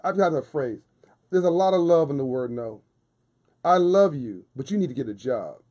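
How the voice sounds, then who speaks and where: A man's voice: fairly high pitch, lively intonation, moderate pace, warm tone. A man talking as a guest on a radio show, passionate and emphatic with a preaching cadence, repeating phrases for force. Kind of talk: casual radio interview talk. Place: radio studio.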